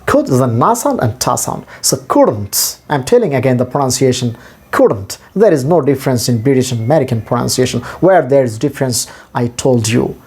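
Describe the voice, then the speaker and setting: A man's voice: mid-range voice, lively intonation, normal speed, darkish tone, slightly rough. A man teaching English pronunciation, spelling out letters and sounds step by step and repeating each word for learners. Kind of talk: pronunciation lesson.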